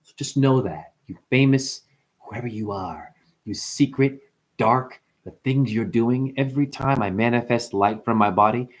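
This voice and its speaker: Speaking a little slowly with a medium pitch, a man hosts a spiritual livestream. He addresses his chat animatedly, uses honey as a term of endearment, and chants mantras.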